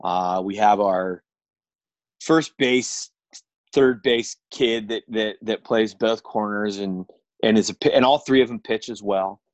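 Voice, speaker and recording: A middle-aged man, a high school baseball coach, talking frankly and casually with many fillers over a video call. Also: a little slow, no echo. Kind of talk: casual interview chat. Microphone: video call with earbuds.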